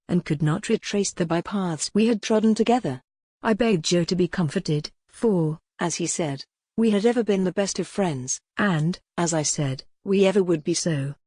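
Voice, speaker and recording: A synthetic woman's voice narrates a classic novel in a steady, machine-read way. Her pitch sits on the low side. The recording is dry and close, with no room sound. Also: no room sound. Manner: even, machine-read delivery. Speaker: audiobook narrator. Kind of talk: synthetic audiobook reading.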